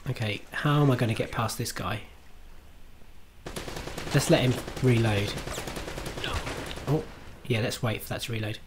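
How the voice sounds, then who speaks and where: A man's voice: medium pitch, unhurried, long pauses, noisy background. A man streaming himself playing a game, chatting to viewers in a self-mocking way, swearing and laughing at his own mistakes. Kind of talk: live gameplay commentary.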